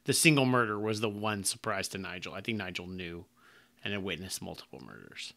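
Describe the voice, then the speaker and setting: A man co-hosting a podcast, talking in an animated way, swearing casually and tripping over his words. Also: sits low, brisk, creaky. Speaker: podcast co-host. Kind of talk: casual chat.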